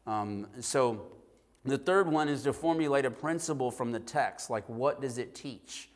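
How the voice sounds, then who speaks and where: A man's voice: mid-range voice, measured pace. A man preaching a sermon, earnest, often repeating words and restarting his sentences. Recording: long reverb in a hall.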